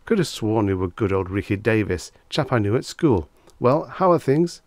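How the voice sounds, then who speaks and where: A man voicing a tipsy, excitable foppish young man who blurts out flustered, indignant exclamations in a storybook reading. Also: on the low side, moderate pace, no echo. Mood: cheery tipsy.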